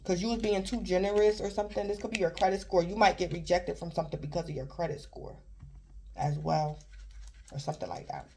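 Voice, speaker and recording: A woman's voice: on the low side, steady tone, fairly quick, a little mellow, slight background noise. A woman giving a casual tarot reading, rambling and repeating herself as she keeps addressing the listener by star sign. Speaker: tarot reader.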